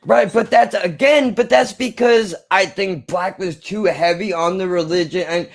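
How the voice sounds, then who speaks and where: Man, film review co-host, earnest and impassioned, swears for emphasis, fairly high voice. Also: steady tone, moderate pace, gravelly. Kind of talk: casual film discussion.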